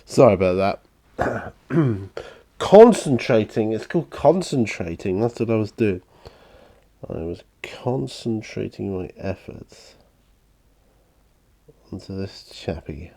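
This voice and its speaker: A middle-aged man chatting casually while painting miniatures, soft-spoken and rambling with many fillers. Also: on the low side, slow pace, gravelly, pauses often. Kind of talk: relaxed paint-along chat.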